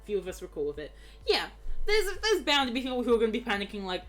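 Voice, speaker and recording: A woman's voice: a little high, very animated, fast talker, faint music behind. A young Australian woman streaming a game, chatting casually in a giggly, rambling way. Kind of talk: casual chat while gaming.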